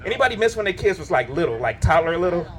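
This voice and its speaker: On a club stage, a middle-aged man performs stand-up, telling animated stories and breaking into laughter and sung bits. His voice sits high and he speaks very fast.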